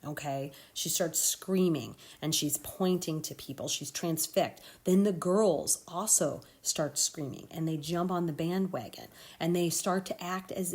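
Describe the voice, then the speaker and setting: A woman's voice: fairly low pitch, darkish tone. A woman teacher talking students through a play in a recorded lesson, conversational and often checking in with "okay?".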